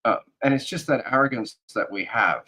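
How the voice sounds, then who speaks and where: A man as an interview guest, speaking earnestly in halting fragments as he thinks aloud. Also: medium pitch, pushed and bright, poor audio. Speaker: guest, security advisor. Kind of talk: casual interview talk.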